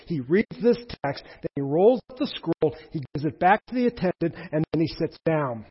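A man preaching a sermon in an animated way, with emphatic peaks and asides to the congregation. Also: fairly high pitch, normal speed, few pauses, breathy edge, muffled recording. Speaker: pastor.

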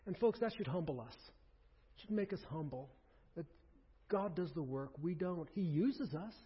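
Husky pastor preaching in a reverberant hall. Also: male voice, a little high, normal speed. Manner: conversational, animated with asides and acted quotes. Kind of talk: sermon. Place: church sanctuary. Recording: dull sound with long reverb in a hall.

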